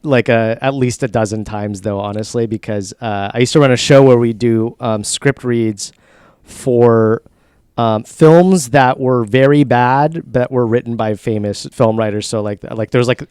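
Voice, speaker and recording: A man with a smooth, resonant voice co-hosts a podcast. He chats loosely and jokes as he goes. The sound is close and dry. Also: mid-range voice, measured pace, darkish tone, dry recording. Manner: joking, loose and chatty. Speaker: podcast co-host. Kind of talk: casual podcast chat.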